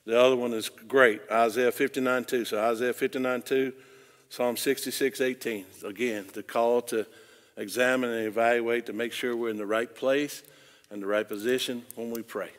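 A man, a pastor leading a Bible study. He talks conversationally and often rises into loud, emphatic preaching. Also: mid-range voice, steady tone, moderate pace. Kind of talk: informal Bible study teaching. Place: church room. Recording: long church reverb.

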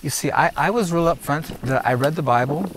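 A fairly high-pitched male voice, slightly quick, belongs to a gardener showing a group around a garden outside. He preaches his lessons with emphasis, says things over and over, and asks "are you hearing me?" The recording is rough, with slight background noise.

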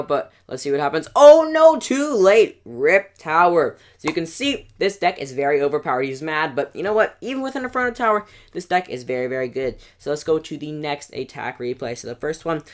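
Brief: quick-paced gameplay commentator, middle pitch, excitable play-by-play with sudden yelps, voice wearing hoarse. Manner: excitable play-by-play, rising to yelps at big moments. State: voice going hoarse. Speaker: gaming channel host. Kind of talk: gameplay commentary over battle replays.

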